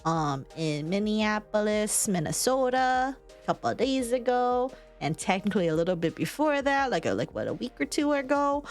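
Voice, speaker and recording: Lively rambling young woman streamer. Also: medium pitch, moderate pace, few pauses, faint music behind. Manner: rambling, laughs often, swears, scolds her cat. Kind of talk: casual chat. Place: home room.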